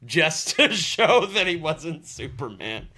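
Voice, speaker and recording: Bright-voiced young man, laughing often. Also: fairly high pitch, takes it slowly. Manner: animated, laughs often, acts out quoted lines. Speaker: podcast co-host. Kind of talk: casual chat.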